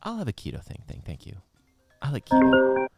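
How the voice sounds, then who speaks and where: A man co-hosting a podcast, goofy and animated in his banter. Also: medium pitch, fairly quick, loud music behind the voice. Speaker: podcast co-host. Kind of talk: casual comedic banter.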